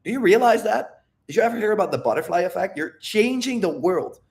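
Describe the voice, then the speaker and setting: A man pitched slightly above the usual male range, talking live to his stream audience. He speaks English as a second language and rambles in an energetic, profane flow. The talk is loose and unscripted. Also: fairly quick, creaky. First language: not English. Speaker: livestream Q&A host. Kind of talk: live unscripted monologue to chat.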